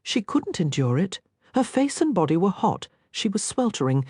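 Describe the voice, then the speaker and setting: A woman narrating a romance audiobook in an intimate, expressive reading. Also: mid-range voice, normal speed, slightly rough, dry recording, clean studio sound. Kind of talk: scripted narration.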